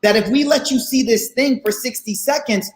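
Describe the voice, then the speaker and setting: High-voiced man, slangy faith talk. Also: normal speed. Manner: slangy and animated, repeats phrases for emphasis. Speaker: guest speaker at a faith session for students. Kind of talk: casual faith talk to students. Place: online session, room not known. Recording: roomy echo.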